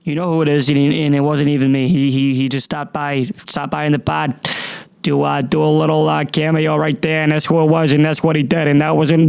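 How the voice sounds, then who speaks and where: A man's voice: on the high side, vocal fry, clean tone, no echo. A young man hosting a solo comedy podcast, rambling and swearing with stammering restarts. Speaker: podcast host.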